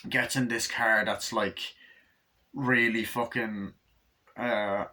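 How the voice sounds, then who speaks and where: A man's voice: on the low side, fairly even intonation, slow pace, sharp tone, rough recording. A man recapping a movie in a rambling, profane way, full of fillers and restarts. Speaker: movie reviewer.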